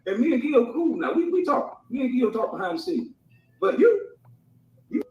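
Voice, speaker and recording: A man's voice: very high voice, big pitch swings, normal speed, darkish tone, dull audio, soft background music. Taunting man ranting in an echoey room. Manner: mocking, profane, taunting. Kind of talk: heated call-out rant. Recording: echoey, far from mic.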